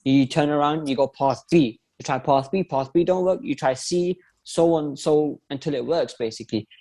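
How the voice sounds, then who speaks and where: Slangy young man, fairly high voice. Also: mellow. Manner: slangy, loose, quick bursts. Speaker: podcast co-host. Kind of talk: casual chat.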